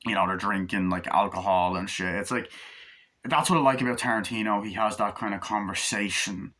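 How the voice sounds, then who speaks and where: A man's voice: fairly low pitch, fairly quick, sharp tone. A man casually rambling through a film review, swearing freely and using a lot of filler words. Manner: rambling, profane, many fillers. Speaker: movie reviewer.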